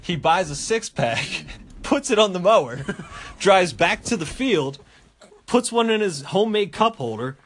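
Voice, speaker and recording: A man's voice: sits high, unhurried. A man hosting a podcast, telling a story in casual chat, swearing and acting out the people in it. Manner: animated, profane, acts out voices while telling stories. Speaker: podcast host.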